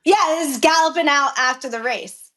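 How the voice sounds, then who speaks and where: Brief: young woman, high voice, brash storyteller, raises her voice to act out quotes, cusses freely. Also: moderate pace. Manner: animated, profane, acts out quotes with raised voice. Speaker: professional jockey, podcast guest. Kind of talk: casual storytelling interview.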